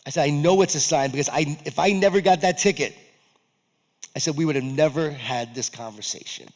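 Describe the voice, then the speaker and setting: A man delivers a motivational keynote from a stage, his voice sitting somewhat high. He tells a story with animation, acting out his own remarks, and his words ring with the long reverb of a large event hall. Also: brisk. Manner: animated, acts out his own quoted lines. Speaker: keynote speaker.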